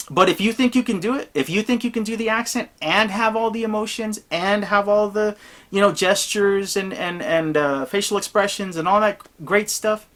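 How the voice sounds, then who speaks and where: A gamer talks through tabletop role-playing advice in an unscripted monologue. The delivery is blunt and emphatic, and it wanders from point to point. The voice sits at an ordinary middle pitch. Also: a bit bright.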